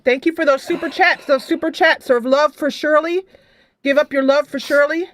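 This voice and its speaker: A woman with a high voice hosts a casual livestream chat. She sounds excited and teasing as she coaxes the group along. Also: a little fast, no echo. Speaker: host.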